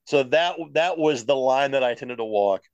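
A middle-aged man, a play-by-play broadcaster, talking at length in an even, matter-of-fact voice of middling pitch. The sound is dry and close, with no room in it. He slips into the lines he told callers without breaking his steady flow. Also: normal speed, smooth, dry recording, lo-fi sound. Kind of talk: interview, telling stories.

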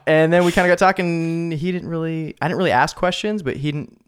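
A man's voice: on the high side, brisk, clear, resonant tone. A man in his twenties, a podcast guest, telling a story in a laid-back, slangy way, with lots of "like" and "dude". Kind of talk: casual storytelling.

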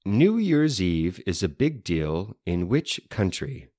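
A man with a very deep voice co-hosts a relaxed chat show, joking and reaching for fancy learned words. The sound is dry and close, with no room around it. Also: slow, no echo. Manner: playful, wordy, fond of learned terms. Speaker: podcast co-host. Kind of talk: casual chat.

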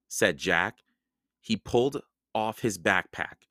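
Man reading a kids' book aloud, slow pace, bright lively voice, expressive storytelling. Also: lowish voice, no echo, studio quality. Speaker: podcast host and reader. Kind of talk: children's book read-aloud.

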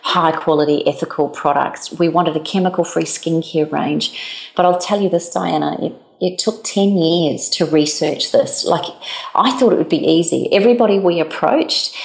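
Low-voiced, gravelly woman telling a story. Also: normal speed, roomy sound. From New Zealand. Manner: animated, acts out quoted dialogue. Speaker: guest, business founder. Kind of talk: storytelling interview answer.

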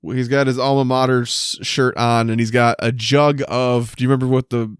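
A man's voice: mid-range voice, normal speed, clear, resonant tone, no echo, clean studio sound. A man casually recapping a TV episode with a friend, swearing freely and acting out lines from the show. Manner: animated retelling with quoted voices and frequent swearing. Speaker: podcast co-host.

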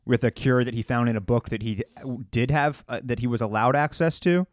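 A man co-hosting a podcast, chatting about a show in a relaxed, slangy manner. His voice sits in a middle register, and the recording is dry and close. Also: medium pitch, fairly quick, no echo. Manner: laid-back, slangy. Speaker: podcast co-host. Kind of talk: casual chat about a TV episode.

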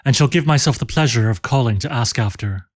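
A courteous officer makes polished, gallant small talk, as a male narrator reads him. The voice sits at a middling pitch, close to the narrator's own. The sound is dry and close. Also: fairly quick, no echo, natural voice.

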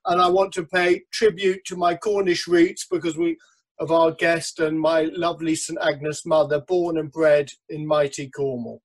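Man, forties, teasing panelist, somewhat high voice, video call. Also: normal speed. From England. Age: 40s. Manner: playful, teasing. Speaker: regular panelist.

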